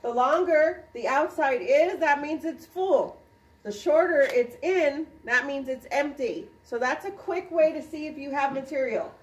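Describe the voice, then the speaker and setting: A woman, a dental instructor, demonstrating a procedure to a class and quizzing students with quick questions. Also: sits high, recorded from a distance, slight background noise. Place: clinic classroom. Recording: roomy sound from off-mic.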